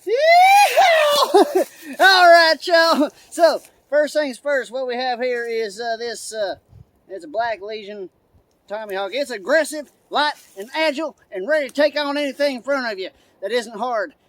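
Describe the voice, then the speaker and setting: A man putting on a loud, excitable redneck who hollers, begs and drawls "y'all" while reviewing gear. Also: very high voice, normal speed, no room sound, pitched above the performer's own voice. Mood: rowdy. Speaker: host. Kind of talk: product review.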